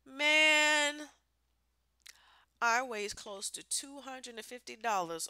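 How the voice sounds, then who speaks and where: A woman rants bluntly into the camera on a casual vlog, exasperated and swearing freely. Her voice is bright and clear, with a smooth, crisp tone. The sound is close and dry, with no room around it. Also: high voice, slow, pauses often, dry recording. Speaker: vlogger.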